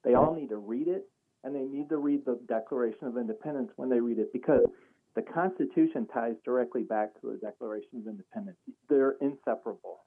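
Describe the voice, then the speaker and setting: A man's voice: mid-range voice, fast, slight background noise. Male caller on a tinny phone line. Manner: earnest, animated. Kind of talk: call-in talk radio.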